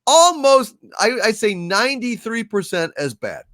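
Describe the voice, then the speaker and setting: Animated sarcastic man on a livestream. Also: sits high, measured pace, dry recording. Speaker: co-host. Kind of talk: casual live-stream chat.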